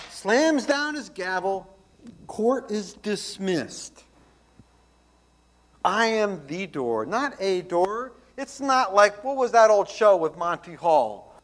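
A man, a pastor, delivering a radio ministry sermon with emphatic, deliberate preaching that repeats key phrases. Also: high voice, sing-song, fairly bright tone.

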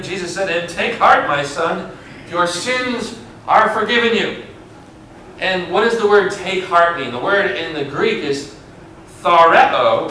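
A male pastor preaching a sermon. His loudness and pace swing widely, and he stretches key words out slowly. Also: high-pitched, a little hiss or hum. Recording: echoey room, mic far away.

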